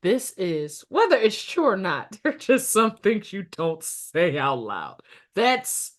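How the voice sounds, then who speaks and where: A woman co-hosting a podcast who talks in an expressive way and hollers while retelling her reactions. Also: mid-range voice, slow. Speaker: podcast co-host. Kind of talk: casual chat.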